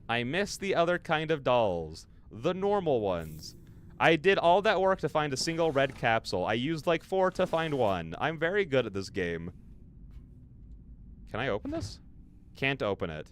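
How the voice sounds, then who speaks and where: A man livestreams a horror game, giving live commentary while reading viewers' messages aloud and answering them in a rambling way full of fillers. His medium-pitched voice is very animated yet measured in pace, with soft music in the background.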